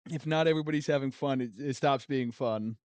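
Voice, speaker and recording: A man's voice: mid-range voice, a little fast, a little mellow, dry recording. A man streaming a game and chatting casually with viewers, laid-back and laughing often between his thoughts.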